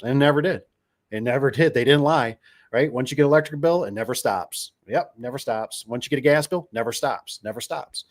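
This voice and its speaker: A middle-aged man telling stories in a casual, rambling monologue, repeating himself and getting fired up. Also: mid-range voice. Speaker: podcast host.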